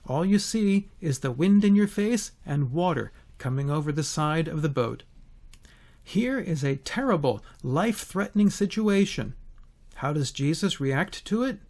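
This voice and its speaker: A man's voice: on the high side, expressive, unhurried, a little mellow. A man giving a Bible teaching, telling the story expressively and asking rhetorical questions.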